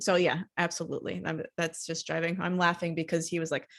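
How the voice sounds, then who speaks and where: A woman hosting a casual interview, telling an anecdote in a lively, laughing way. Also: lowish voice, a little fast, creaky, hardly any pauses. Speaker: host.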